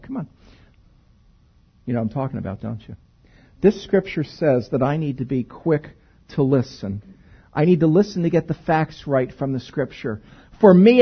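A man preaching a sermon in a conversational, animated way, asking the congregation rhetorical questions. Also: high voice, breathy edge, dull audio. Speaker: pastor.

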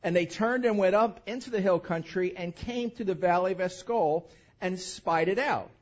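Male pastor, high voice, enthusiastic sermon, emphatic scripture reading, slightly muffled recording. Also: moderate pace. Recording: dull lo-fi sound.

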